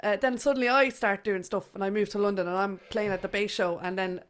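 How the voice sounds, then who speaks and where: A woman's voice: mid-range voice, steady tone. Chatty Irish woman. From Ireland. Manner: chatty, laughing, quick storytelling. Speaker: host. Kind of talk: casual chat.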